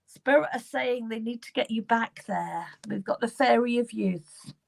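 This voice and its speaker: Brief: woman, medium on a live reading show, earnest and repetitive, slightly higher voice. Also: a little slow, vocal fry. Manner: earnest, repetitive, addresses viewers by name. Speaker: psychic medium.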